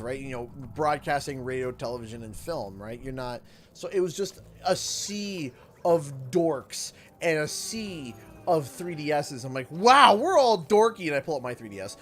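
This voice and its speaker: Chatty Canadian man, fairly high voice. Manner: rambling storytelling with frequent laughs and restarts. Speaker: game streamer. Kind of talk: casual chat while gaming.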